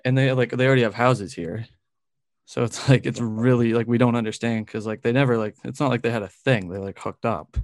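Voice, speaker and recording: A man's voice: medium pitch, steady tone, a little fast, darkish tone, dry recording. A young man, telling a long story in casual chat, rambling with lots of "like" and frequent laughs. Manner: rambling, fills speech with "like", laughs often. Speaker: podcast co-host telling a story.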